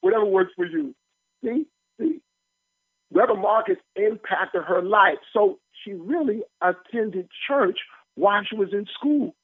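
A man, a pastor, preaching in a lively informal way, joking and asking the listeners questions. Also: sits high, unhurried, slightly rough. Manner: animated, joking, asks the listeners rhetorical questions. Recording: tinny phone-line audio, dry.

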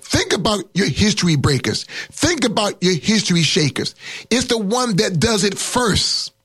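A middle-aged male pastor preaching an emphatic sermon with a high voice. He stretches words out and lifts his pitch when he presses a point. The sound is dry and close, with little room echo. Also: big pitch swings, moderate pace, fairly bright tone, husky.

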